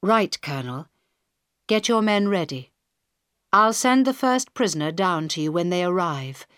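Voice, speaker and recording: A woman's voice: fairly low pitch, very animated, measured pace, fairly bright tone, no room sound, studio quality. A woman reading a tense, commanding prime minister. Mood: urgent.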